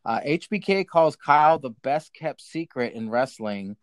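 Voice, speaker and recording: A man's voice: medium pitch, expressive, no echo. A man hosting a casual wrestling podcast, recapping segments and handing off to co-hosts. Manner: brisk, moves the rundown along. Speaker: podcast host running the segments. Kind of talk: casual chat, recapping a show.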